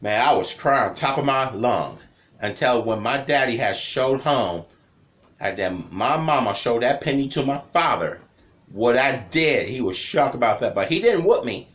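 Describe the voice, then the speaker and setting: A man's voice: medium pitch, measured pace. A man in his thirties from the Cleveland area, telling childhood stories in a casual, rambling vlog with lots of repetition. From Cleveland area, Ohio. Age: 30s. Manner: rambling, repeats words, lively telling. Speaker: vlogger.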